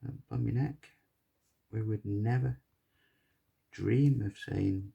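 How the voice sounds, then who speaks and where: A man with a very low, gravelly voice talks through a craft tutorial and wanders off into chatty stories as he goes. His tone is dark and husky. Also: steady tone, slow pace, long pauses. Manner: chatty, rambling storyteller. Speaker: pyrography tutor. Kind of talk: casual tutorial chat while working.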